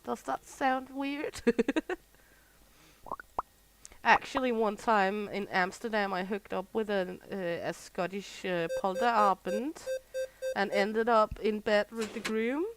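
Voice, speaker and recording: A woman's voice: medium pitch, steady tone, measured pace, over music, rough recording. A Danish woman from Southern Jutland, chatting casually and laughing while she streams a game. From Southern Jutland, Denmark. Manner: chatty, rambling, laughs often. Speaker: gaming streamer. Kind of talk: casual chat while playing.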